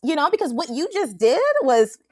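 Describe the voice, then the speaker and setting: A woman co-hosts a casual chat recapping a reality dating show. She talks with lots of energy and jumps into a high voice to act out what the cast said. Her voice sounds close and dry. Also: moderate pace, no room sound. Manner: animated, acts out quotes in a high voice. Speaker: co-host.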